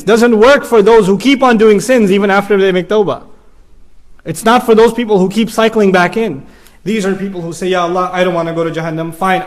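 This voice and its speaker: Man, high voice, earnest conversational sermon, voices inner thoughts. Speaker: preacher. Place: mosque hall.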